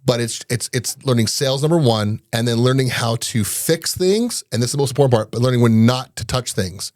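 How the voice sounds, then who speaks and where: A man in his forties talks quickly and with lots of energy, telling stories as a podcast guest. He slips into little voices for the people he quotes. The sound is close and dry, with no room echo. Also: medium pitch. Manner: fast, animated, acts out quoted dialogue. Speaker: guest, business owner. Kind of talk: casual storytelling in an interview.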